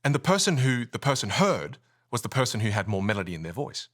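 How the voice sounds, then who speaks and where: A man coaching speaking skills in a podcast studio, animated and melodic, swooping between high and low. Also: quick pace. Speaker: communication coach.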